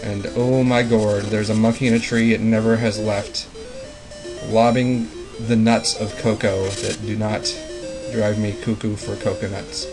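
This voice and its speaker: A man's voice: fairly low pitch, little pitch movement, a little slow, rough recording. A man hosting a let's play, rambling through casual commentary with playful puns and jokes. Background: game music.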